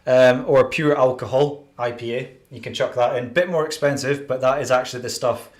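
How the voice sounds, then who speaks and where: Man, live-stream host, relaxed practical tips, mid-pitched everyday voice. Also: a little fast. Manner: chatty, practical, running through notes. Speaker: window cleaning channel host.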